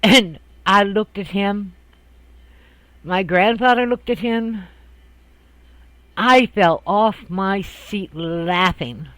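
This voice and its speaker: An older man recounts a family memory in a loose, rambling way, often breaking into laughter. His voice sits high for a man. The sound is close and dry. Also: drawn-out words, long pauses, fairly bright tone, no echo, poor audio. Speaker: storyteller. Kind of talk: casual personal storytelling.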